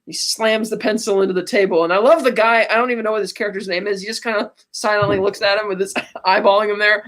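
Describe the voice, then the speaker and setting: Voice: medium pitch, fairly even intonation, fast, fairly bright tone. A podcast host retelling a film scene in a chatty, giggly way. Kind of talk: casual movie recap.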